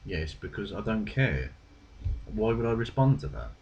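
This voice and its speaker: A man's voice: lowish voice, big pitch swings, moderate pace, darkish tone, muffled recording, slight background noise. A man with a British accent giving dry, sarcastic, profane rebuttals. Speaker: video creator responding. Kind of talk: rebuttal commentary.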